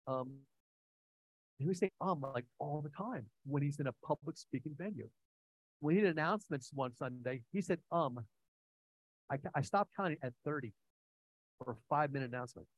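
A man's voice: fairly high pitch, rough recording. A man preaching a sermon, earnest and conversational, telling personal stories with frequent restarts and fillers. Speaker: pastor.

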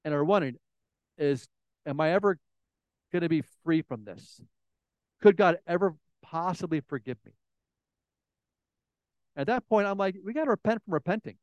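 Man, pastor, high voice, dry close sound, chatty sermon, stumbles and repeats words. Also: measured pace, pauses often, dry recording, dull audio. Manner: conversational, repeats words, acts out little scenes.

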